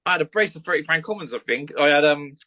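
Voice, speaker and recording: Bloke rattling off a fishing yarn, quick and bright, kinda high voice, swears a lot. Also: male voice, lively intonation. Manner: rambling, swears freely, with lots of fillers. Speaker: podcast guest. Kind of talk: casual storytelling chat.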